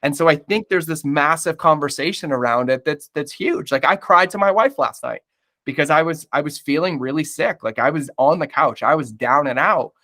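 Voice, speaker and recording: A man's voice: on the high side, moderate pace, sharp tone. A man talking candidly as a podcast guest, blunt and emphatic, swearing often and calling the listener "bro".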